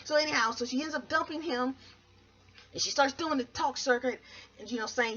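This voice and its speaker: Husky-voiced woman telling a rambling comic tale. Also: sits high, a bit bright. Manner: rambling, keeps restarting with "so anyway"; slips into quick voiced quotes of the people in the story. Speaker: podcast host. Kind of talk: comic storytelling monologue. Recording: dull lo-fi recording.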